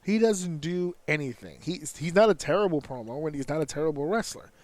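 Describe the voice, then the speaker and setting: A man's voice: on the high side, expressive, brisk, a little mellow, no echo. A man hosting a podcast, telling stories in a casual, profane way with mock outrage. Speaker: podcast host. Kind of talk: casual wrestling chat.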